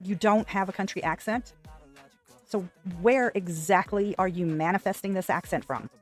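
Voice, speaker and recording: A woman's voice: medium pitch, moderate pace, faint music behind. A woman hosting a commentary channel, cutting in with dry, sarcastic remarks.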